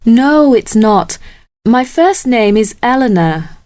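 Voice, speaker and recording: Slow, slightly high woman reading dialogue. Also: animated, darkish tone, no echo, studio quality. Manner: slow, deliberate, clearly spelled delivery. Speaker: lesson dialogue reader. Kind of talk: scripted textbook dialogue.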